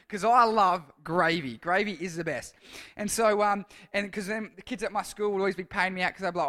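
A man with an Australian accent delivers a casual sermon as a long personal story. His voice sits high for a man and rings bright and forceful. He rambles and restarts his sentences as he talks. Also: quick pace. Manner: rambling, self-correcting storyteller. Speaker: youth speaker.

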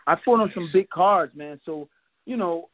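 A Philadelphia native and retired boxer, this man with a high voice shares stories as a podcast guest at normal speed. The casual interview finds him laughing often, acting out quotes, and telling tales with animation. No echo, just dull lo-fi podcast audio.

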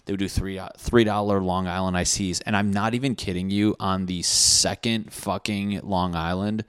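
A young man with a very deep, low voice rambles through crude stories, swearing freely as he hosts his podcast. His voice sits close to the mic in a dry, dead room. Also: steady tone, moderate pace, fairly bright tone, smooth, dry recording. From Connecticut. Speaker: podcast host. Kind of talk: casual rambling monologue.

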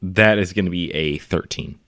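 A man playing in a tabletop game, casual and asking quick questions. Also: deep voice, a bit bright, a little hiss or hum. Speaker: player.

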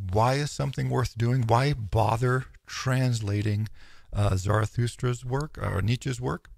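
A man's voice: lowish voice, creaky, a little mellow, dry recording, clean studio sound. A man giving an informal lecture on philosophy, talking in a thoughtful, musing way with many restarts and quoted asides.

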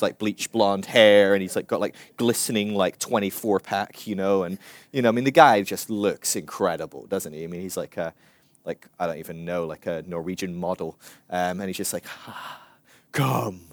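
A man's voice: fairly low pitch, dry recording. A man preaching in a loose, chatty way, full of fillers and acted-out quotes. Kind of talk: casual teaching talk.

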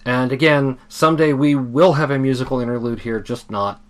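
Male podcast host, relaxed rambling talker, average pitch. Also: a little fast. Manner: rambling, many fillers and restarts. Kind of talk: casual chat.

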